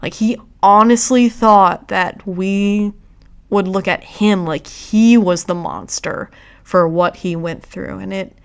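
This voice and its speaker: A woman hosts her own stream in an unhurried, reflective chat. Her voice is clean and smooth, and her pace is slow. She often stops and restarts mid-thought. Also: medium pitch, steady tone. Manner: halting, reflective, with frequent restarts. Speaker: streamer host. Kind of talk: casual livestream chat.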